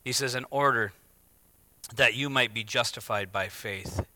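A middle-aged man preaching a sermon, swinging from hushed, intimate phrases to loud, emphatic declarations. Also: medium pitch, measured pace, no room sound. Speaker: pastor.

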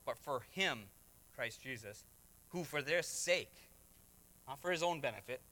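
A man's voice: fairly high pitch, sharp tone. A man preaching a sermon as pastor, emphatic, with acted asides and rising refrains. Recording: reverberant hall.

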